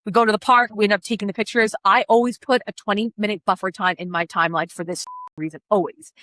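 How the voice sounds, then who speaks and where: A woman wedding coordinator tells a story in quick, blunt, animated bursts, swearing freely as she plays out each exchange. The sound is dry and close, with no room echo. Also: mid-range voice. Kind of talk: casual storytelling chat.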